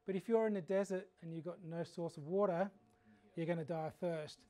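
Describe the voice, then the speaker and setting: An Australian man teaching a frog identification workshop in a fairly high voice. He tells humorous, animated stories between his explanations of frog habits. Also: a little fast. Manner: animated anecdotal storytelling. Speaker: frog educator. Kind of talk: workshop lecture.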